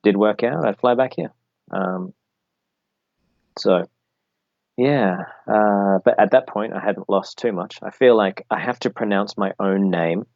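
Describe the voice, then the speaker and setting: Low-voiced australian guy joking around, dull dry sound. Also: measured pace, gravelly, darkish tone, no echo. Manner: playful, teasing. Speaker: guest. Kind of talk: casual chat.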